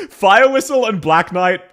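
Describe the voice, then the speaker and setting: Laughing, animated Australian man. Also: high-pitched, slow pace. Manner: laughing often, swearing casually, animated. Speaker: streamer. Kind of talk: casual reaction stream commentary.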